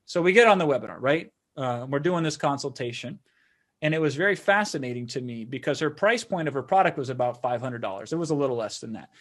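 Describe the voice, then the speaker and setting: A man's voice: mid-range voice, expressive, fast talker. A man hosting a sales webinar, talking persuasively in a conversational way and often tagging lines with "right?". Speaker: webinar host.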